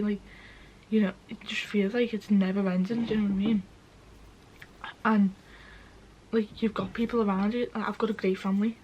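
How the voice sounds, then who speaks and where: A woman's voice: mid-range voice, a little mellow, lo-fi sound, a little hiss or hum. A young woman talks candidly to camera, sweary and tearful, often asking "do you know what I mean". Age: young adult. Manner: frank and sweary, with lots of filler questions. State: tearful, voice breaking. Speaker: vlogger. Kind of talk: casual talk to camera.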